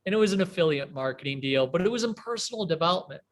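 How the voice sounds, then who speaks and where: A man in his forties, from a small town in the American Midwest, speaks as an interview guest. His voice sits a little high for a man. He tells his story in a casual, rambling way, full of fillers, restarts and animated quoted dialogue. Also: very fast. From US Midwest, small town near Chicago. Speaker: guest entrepreneur.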